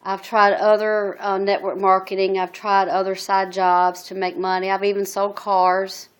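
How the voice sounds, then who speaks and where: A middle-aged woman speaks into her phone in a personal video testimony. Her pitch stays flat and narrow. She talks earnestly and haltingly, stopping often on "um" and restarting her sentences. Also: smooth. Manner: halting, many ums and restarts; earnest and emotional. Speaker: single mother telling her story.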